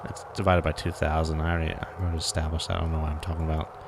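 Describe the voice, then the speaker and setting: A man's voice: extremely low pitch, level tone, very fast, creaky, background noise. A man casually thinking aloud while streaming a game, muttering and joking at himself. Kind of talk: casual live gameplay commentary.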